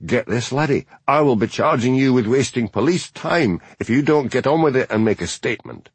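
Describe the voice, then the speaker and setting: A man's voice: mid-range voice, expressive, fairly quick, breathy edge, dry recording, voice pushed up. A man voicing a bullying, hard-drinking Scottish detective chief inspector who blusters and threatens. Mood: blustering.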